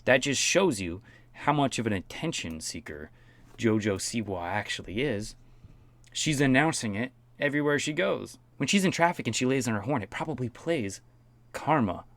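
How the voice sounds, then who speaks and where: A man's voice: medium pitch, lively intonation, normal speed, a bit bright. A man giving mocking, profane commentary on a pop star. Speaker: commentary host. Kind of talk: sarcastic commentary.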